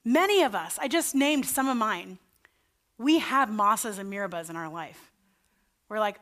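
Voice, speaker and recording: A woman's voice: medium pitch, expressive, normal speed, fairly bright tone. A woman pastor preaching a sermon in an earnest, conversational way. Her voice climbs when she voices her own pleas and doubts. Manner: earnest and conversational, voice rising for quoted pleas to God.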